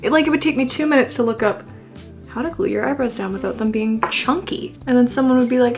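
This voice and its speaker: A young woman in her twenties talks casually through a makeup vlog in a somewhat high voice. She is chatty and self-mocking, swears freely, and now and then slips into mock-dramatic wails. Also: fast talker, soft background music. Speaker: beauty vlogger.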